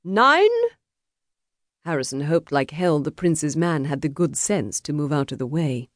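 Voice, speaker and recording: Low-voiced woman narrating a historical romance. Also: steady tone, moderate pace, warm tone, no echo. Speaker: audiobook narrator. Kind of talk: scripted narration. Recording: dry, close studio audiobook.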